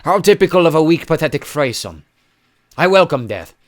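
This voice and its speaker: A man voicing a croaking, mocking stone giant. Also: fairly high pitch, sing-song, a little fast, voice pushed up. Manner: taunting, croaking, boastful.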